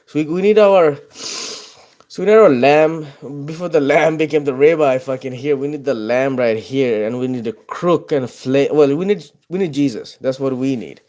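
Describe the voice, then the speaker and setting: A man's voice: mid-range voice, moderate pace, a little mellow. Man rambling profanely while he draws. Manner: profane, tangent-hopping, chuckling often. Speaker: artist drawing on video. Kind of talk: rambling casual commentary while drawing.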